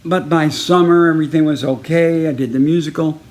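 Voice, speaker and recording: A man from Texas telling a story in a casual personal video message, in a lively way, acting out each person he quotes. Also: on the high side, a little fast. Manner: lively, acts out each person in the story with raised, punchy delivery.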